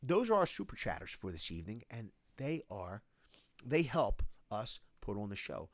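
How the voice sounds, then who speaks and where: A man hosting a casual construction livestream, reading viewer comments and names aloud with lively shout-outs. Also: on the low side, moderate pace, dry recording. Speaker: livestream host.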